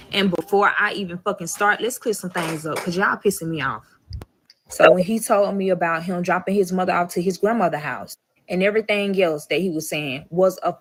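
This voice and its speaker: A woman's voice: medium pitch, a bit bright, rough recording. A young woman vlogger telling a personal story in a blunt, heavily profane way, talking straight to her viewers. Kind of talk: storytime vlog.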